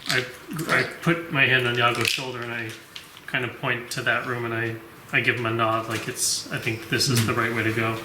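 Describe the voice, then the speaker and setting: A man's voice: mid-range voice, flat delivery, a little fast. A man playing a tabletop game, thinking aloud and talking strategy in casual chat. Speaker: player. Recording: echoey room with background noise.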